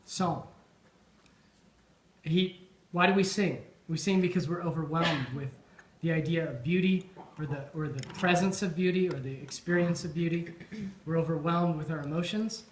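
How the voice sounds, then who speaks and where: Man, toast speaker at a supper; reflective, halting delivery with ums; slightly high voice; roomy, echoey hall sound. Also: fairly even intonation, a little hiss or hum. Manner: thoughtful, with frequent ums and restarts. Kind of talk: informal after-dinner toast.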